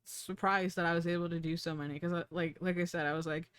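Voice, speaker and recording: A woman streamer chatting casually, rambling and giggling, with casual swearing and playful baby talk, her pitch leaping high when she gets excited. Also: quick pace, clear, resonant tone, dry recording. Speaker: streamer and 3D artist.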